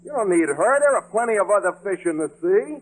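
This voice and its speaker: A wisecracking radio sidekick. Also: male voice, high-pitched, fast, low-quality recording. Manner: deadpan joke delivery, touchy and wheedling. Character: wisecracking scatterbrained male sidekick secretary. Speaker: secretary Frankie Remley. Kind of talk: 1940s radio comedy acting. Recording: old radio broadcast with music.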